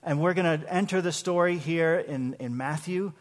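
A man's voice: fairly high pitch, moderate pace. A man with a somewhat raised voice preaches a sermon in a church sanctuary. He keeps a conversational tone, often repeats the first word of a phrase, and asks his congregation questions. A long hall reverb trails behind every word. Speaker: pastor.

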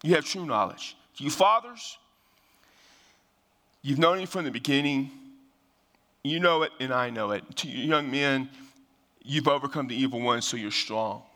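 An older male pastor with a bright, forceful voice teaches scripture in a relaxed, conversational sermon. He often restarts his phrases and leans on fillers as he explains. His voice carries with a long reverb, as from a large hall. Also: medium pitch, normal speed, long pauses.

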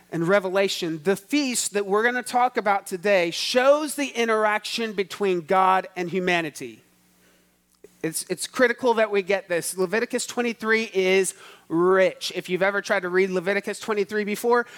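A man's voice: high voice, fairly bright tone. A male pastor preaching a sermon, teaching emphatically, repeating key words and asking the congregation to answer back.

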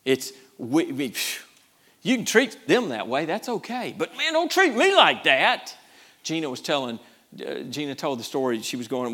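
A man preaching a sermon, repeating himself and swinging between loud bursts and quiet asides. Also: fairly high pitch.

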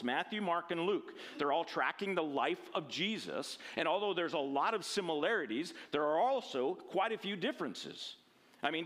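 A man giving a casual, animated Bible lesson, often checking in with tag questions and restarting his sentences. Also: on the high side. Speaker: Bible teacher. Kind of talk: conversational Bible teaching.

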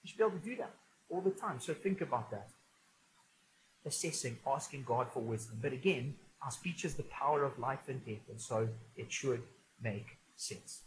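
Pastor, chatty funny sermon, mid pitch, bit of faint noise. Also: male voice, lively intonation, normal speed, rough recording. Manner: conversational and humorous, with frequent restarts. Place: church auditorium.

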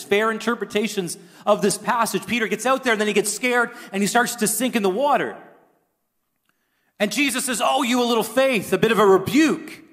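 A man preaching a sermon as pastor, earnest and rising toward near-shouting at times. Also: sits high. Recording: long hall reverb.

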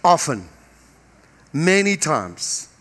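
High-voiced fifty-something pastor preaching. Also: male voice, very animated, drawn-out words, fairly bright tone. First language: Dutch. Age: 50s. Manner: emphatic, repeating phrases, joking with the congregation. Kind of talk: sermon.

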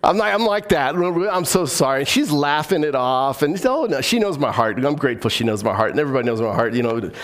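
A man's voice: mid-range voice, animated, quick pace, few pauses, a bit bright. A man preaching a sermon as pastor, telling stories in a casual, joking way with many restarts.

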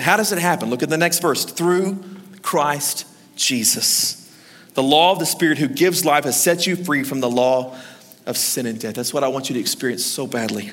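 A man preaching a sermon as pastor, energetic and urging the congregation to answer back. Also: mid-range voice, moderate pace. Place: large church hall. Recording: reverberant church hall.

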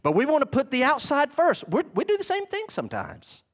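A man's voice: very high-pitched, wildly swooping pitch, a little fast. A man preaching a sermon as a pastor, in a conversational way with emphatic bursts and asides.

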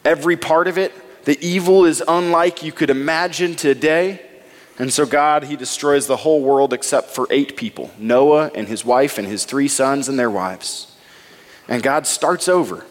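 A male pastor delivering a sermon, retelling a scripture story and reading verses aloud with dramatic pauses. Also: on the high side, in a large hall.

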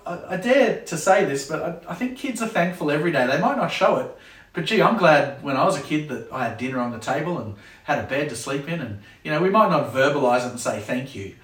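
A man who leads a kids club, chatting casually to camera with a jokey manner and acting out parents' sayings. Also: mid-range voice. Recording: roomy sound from a distant mic.

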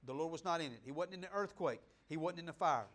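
A man preaches to his congregation in a church, his voice sitting a little high for a man. He talks to the room like a conversation, surging into loud, fervent bursts and falling back to quiet, hushed asides. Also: expressive, fast. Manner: conversational, addresses the congregation directly. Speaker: pastor. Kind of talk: sermon. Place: church sanctuary, in front of a congregation.

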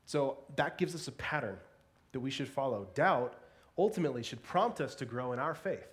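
A man's voice: medium pitch, animated, normal speed. Earnest man preaching a sermon. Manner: earnest, varies pace and volume for emphasis. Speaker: pastor.

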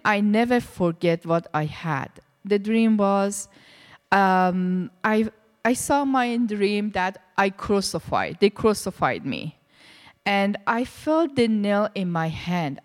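Woman telling her faith story, lively voice jumping up and down, long echoey reverb. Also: mid-range voice, slow. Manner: animated storytelling, acting out quoted dialogue. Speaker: church member sharing testimony. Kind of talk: personal testimony.

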